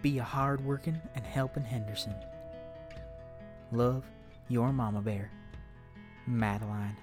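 A heartfelt Southern mother speaks to the child she hopes to meet, homespun and steady, put on by a man reading her letter. The voice sits at a middling pitch. A soft guitar plays faintly underneath. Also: a little slow, close to an everyday voice. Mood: tender. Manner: folksy, heartfelt. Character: warm, tough southern mother writing to her unborn child. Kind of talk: reading a letter aloud in character.

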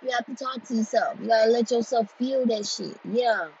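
A woman's voice: on the high side, moderate pace. Woman, blunt and profane, repeats for emphasis; dull lo-fi recording. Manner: grows louder and more forceful as she goes. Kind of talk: candid monologue on healing. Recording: dull lo-fi recording with faint noise.

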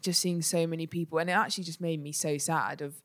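Low-voiced woman podcast co-host. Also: fairly even intonation, fast, a bit bright. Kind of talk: casual chat.

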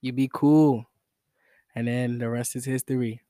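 A man's voice: medium pitch, fairly even intonation, a little slow, warm tone, no echo, clean studio sound. A young man hosting a solo podcast in a rambling, slangy, self-mocking, joking way. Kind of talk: casual joking monologue.

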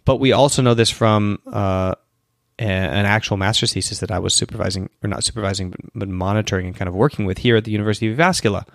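Tired low-voiced man explaining. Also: quick pace, gravelly, no echo, studio quality. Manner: explanatory, self-promoting, with restarts and asides. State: tired and yawning, sneezy. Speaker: podcast host answering questions. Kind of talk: casual solo Q&A talk.

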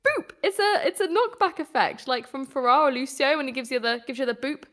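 Brief: British woman, podcast co-host, slightly high voice, chatty and giggly, laughs through her sentences. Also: a little fast, a bit bright. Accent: British English. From Britain. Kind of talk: casual chat.

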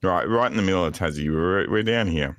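A man's voice: sits low, a little fast, fairly bright tone, no echo. A man voicing a crude, joking Aussie bloke calling in from Tasmania, with a put-on Australian accent that slips, in a comic podcast bit.

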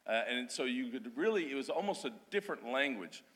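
A man's voice: medium pitch, animated, a little fast, fairly bright tone. Missionary man speaking in a church hall. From Australia. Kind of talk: church service testimony. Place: church sanctuary.

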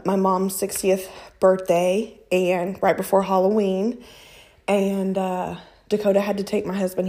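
Woman telling a personal story, animated. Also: medium pitch. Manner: animated, quotes people in raised voices. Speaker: guest telling her story. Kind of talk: casual storytelling.

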